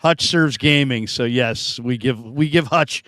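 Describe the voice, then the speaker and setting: A man's voice: medium pitch, a little slow, a bit bright, dry recording. A man hosting a casual sports talk show, chatting and reading out viewer comments.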